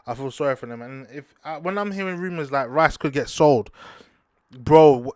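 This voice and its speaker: A young man, hosting a casual football talk show, slangy and animated, breaking into outraged high-pitched rants. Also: normal speed, no room sound. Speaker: football podcast host. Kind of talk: casual sports talk monologue.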